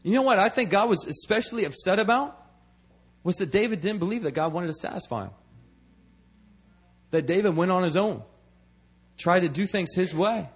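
A man's voice: sits high, animated, moderate pace, long pauses, breathy edge. A man preaching a sermon in a conversational way, often checking in with "okay?" and repeating words as he restarts. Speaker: preacher and missionary.

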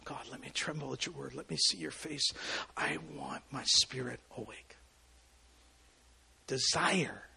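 A man preaching a sermon as pastor, telling a personal story with sudden loud bursts and quiet asides. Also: on the high side, creaky, slightly rough.

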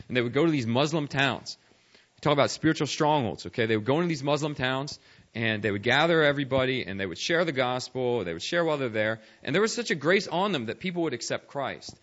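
A young man preaching a sermon, moving between hushed storytelling and loud, fervent bursts. His voice sits in an ordinary middle register. The recording sounds a little dull and lo-fi. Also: mid-range voice. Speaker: missionary preacher.

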